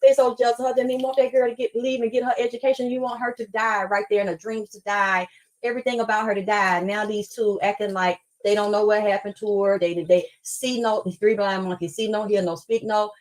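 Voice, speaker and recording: A woman's voice: mid-range voice, little pitch movement, a little fast, poor audio. A woman telling a story in an angry, profane live stream rant.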